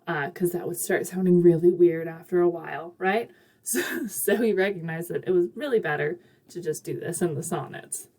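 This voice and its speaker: A woman's voice: medium pitch, a little mellow. A woman teaching a recorded literature lecture in a chatty, upbeat way, with casual asides and frequent fillers. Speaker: literature instructor.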